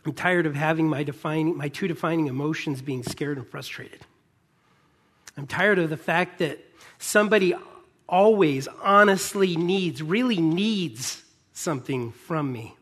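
A man in his thirties, a pastor, preaching in an earnest way, pausing often and building to a fervent plea. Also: on the high side, fairly bright tone. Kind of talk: sermon.

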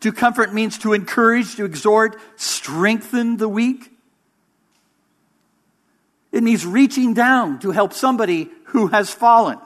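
A man preaching a sermon as interim pastor, measured and emphatic, with pauses for weight. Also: high voice, a bit bright.

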